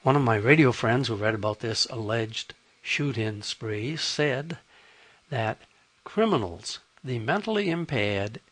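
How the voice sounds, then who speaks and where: A man's voice: medium pitch, a bit bright. A man hosting a radio program, talking to listeners in a folksy monologue with dry, wry humor. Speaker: radio host.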